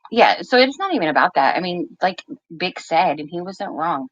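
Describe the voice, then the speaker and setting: A woman with a fairly low voice chats on a livestream as a guest, laid-back and gossipy, swearing freely. Her sound is dry and dull, with lo-fi call audio. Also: sing-song, normal speed, dry recording. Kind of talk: casual livestream chat.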